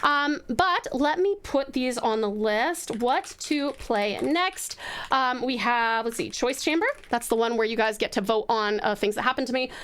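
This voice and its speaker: A woman's voice: fairly high pitch, normal speed, a bit bright, clear, resonant tone. A woman from Tasmania hosting a casual live stream, chatty and affectionate with her viewers. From Tasmania, Australia.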